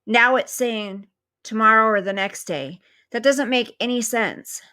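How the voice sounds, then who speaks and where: A woman on a casual livestream talks with her audience, thanking them warmly and eating as she goes. Her voice is a little high and her delivery a little slow.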